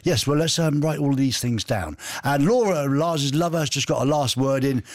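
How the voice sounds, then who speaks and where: A man's voice: mid-range voice, moderate pace, no echo, clean studio sound. A man hosting a casual radio show, reading listener messages in a jokey, rambling way. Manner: jokey, rambling, laughs at own stories. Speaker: radio host. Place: radio studio.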